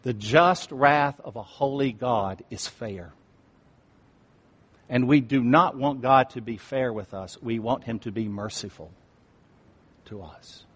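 A man preaching slowly and deliberately in a church sanctuary, his voice trailing off into long hall reverb. He moves between ringing declarations and hushed, solemn asides. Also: medium pitch, breathy edge. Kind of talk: sermon.

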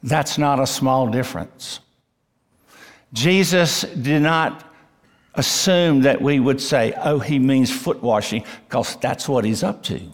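A male pastor delivers an expository sermon at an unhurried pace. His voice has a gravelly edge, and he presses hard on key words, lifting his pitch for emphasis. The sound carries the long reverb of a church sanctuary. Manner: emphatic, rising on key words, slow and deliberate.

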